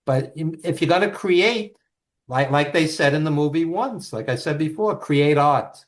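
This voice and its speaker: A man, a guest on an interview show, telling stories in an animated, emphatic way with frequent restarts. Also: fairly high pitch, normal speed. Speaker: guest, author and producer. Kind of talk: storytelling interview talk.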